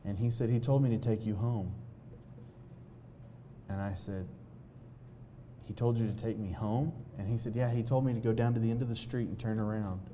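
A man's voice: lowish voice, dark tone, a little hiss or hum. Earnest man telling a personal story. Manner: earnest, halting with restarts, occasional laughs. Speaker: speaker sharing a personal testimony. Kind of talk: storytelling testimony to an audience.

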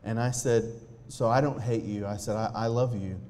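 In a low, warm voice with a steady tone, a man tells his own story to an audience as a personal testimony. He comes across earnest yet halting, restarting sentences, over a faint humming noise floor.

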